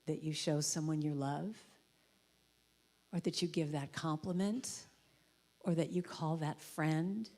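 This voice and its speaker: A woman giving a storytelling sermon in a church, acting out the voices in her stories. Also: low-pitched. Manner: warm conversational storytelling, acts out voices. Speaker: guest speaker and musician. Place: church sanctuary.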